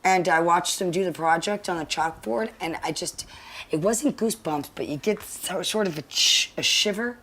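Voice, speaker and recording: Rambling, reflective low-voiced woman. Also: normal speed, fairly bright tone, a little hiss or hum. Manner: rambling, reflective, searching for words. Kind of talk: casual chat.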